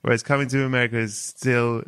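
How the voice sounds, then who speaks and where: A man's voice: medium pitch, flat delivery, fast, fairly bright tone, clean tone, no echo. A man hosting a podcast, chatting casually and spinning a long, playful, whimsical tale for his guest. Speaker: podcast host. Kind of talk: casual chat with comic storytelling.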